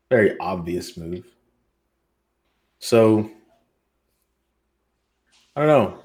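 An American man co-hosts a podcast roundtable, his voice lowish and darkish in tone at a normal speed. His casual chat is loose, joking, profane and rambling.

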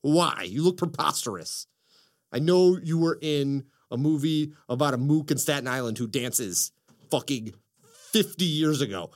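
A man hosting a casual podcast chat, excitable and profane, telling stories with lots of energy. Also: fairly high pitch, measured pace. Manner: excitable, profane, animated storytelling. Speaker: podcast host.

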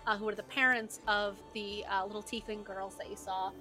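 A woman's voice: medium pitch, flat delivery, brisk, sharp tone, faint music behind. A woman narrating as game master, chatty and loose, full of "like" and "uh".

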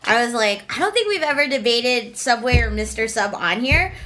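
Bright-voiced woman chatting on a podcast. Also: a little high, expressive, moderate pace. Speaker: podcast co-host. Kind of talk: casual chat.

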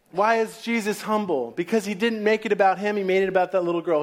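Guy with a high voice preaching, super casual storytelling, does little voices. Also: steady tone, fast, hardly any pauses. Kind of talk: sermon.

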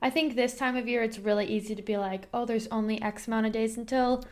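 A woman's voice: fairly high pitch, fairly even intonation. A young woman co-hosting a podcast in casual chat, earnest and often murmuring agreement. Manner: unhurried, earnest, frequent "mm-hmm" agreement. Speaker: podcast co-host.

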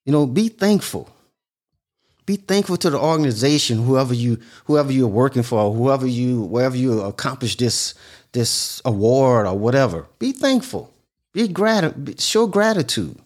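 A man's voice: mid-range voice, a little mellow. A man giving casual, earnest advice in a monologue, repeating his points often. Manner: repetitive, earnest, preachy, repeats phrases.

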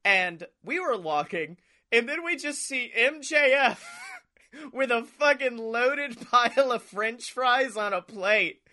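A man co-hosting a casual podcast, talking in a high, ringing voice. He is animated, laughs often and acts out what other people said. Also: slow. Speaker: podcast co-host. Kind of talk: casual chat.

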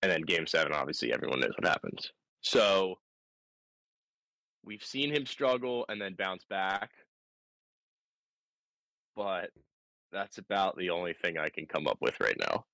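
A man co-hosting a casual sports podcast, weighing his points in a measured, wry way. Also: low-pitched, very animated, vocal fry, sharp tone, no room sound, rough recording. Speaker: podcast co-host.

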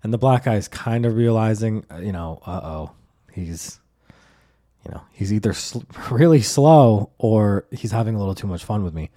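A man hosting his own comedy podcast, telling a long story in a rambling, profane style with many fillers and restarts. He slips into deadpan, overly formal replies when he acts out his own lines. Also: fairly low pitch, normal speed. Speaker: podcast host.

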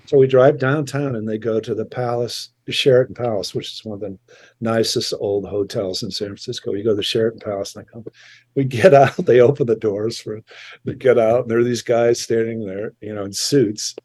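An older man, a musician, telling a rambling, animated anecdote in a casual chat. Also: medium pitch, brisk, slightly rough, no echo. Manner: rambling, animated storytelling with restarts and chuckles. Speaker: musician guest.

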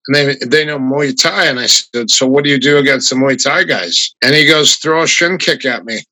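A man guest on an interview, telling martial arts stories in a casual, animated way, pitching up when he quotes others. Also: normal speed, no room sound, rough recording. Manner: animated, raises his voice when quoting others. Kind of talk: casual anecdotal storytelling.

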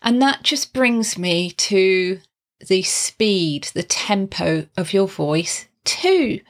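A woman voice teacher talks at an unhurried, slow pace in a mid-pitched voice. She explains tips casually, swooping her voice up and down to demonstrate, with chatty asides and laughs. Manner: expressive, demonstrates pitch and volume changes while explaining. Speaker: singing teacher giving video tips. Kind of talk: casual spoken tutorial.

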